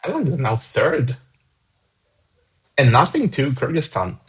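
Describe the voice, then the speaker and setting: Man, husky voice, casual vote-by-vote commentary, chatty, fan song contest host. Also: medium pitch, very animated, a little slow, rough recording. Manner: casual, chatty, upbeat about scores. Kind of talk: live commentary reading out votes.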